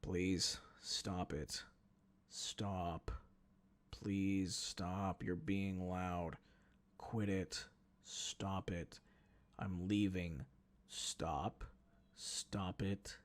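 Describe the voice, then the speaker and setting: A tired boyfriend speaks in a calm, low monotone, slow and unbothered. A man acts him out, dropping his voice. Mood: flat calm. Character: calm fed-up man leaving his girlfriend.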